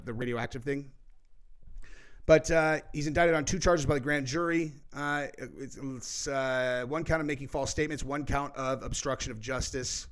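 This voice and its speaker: A man's voice: mid-range voice, clear, resonant tone. A man hosting a political commentary show, talking in a heated, rambling way with lots of swearing and "dude". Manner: heated, profane, says "dude" often; rambling, with many fillers and restarts.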